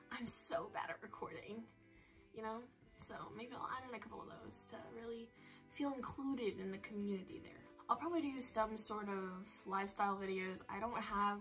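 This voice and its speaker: A teenage girl vlogs into her phone, chatting casually to camera as she rambles and pokes fun at herself. Her mid-range voice is bright and forceful, and the recording quality is low.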